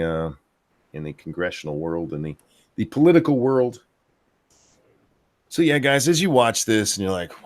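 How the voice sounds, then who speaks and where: Deep-voiced rambling male host. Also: dry recording. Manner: rambling, filler-heavy delivery. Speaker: podcast host. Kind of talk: casual political chat.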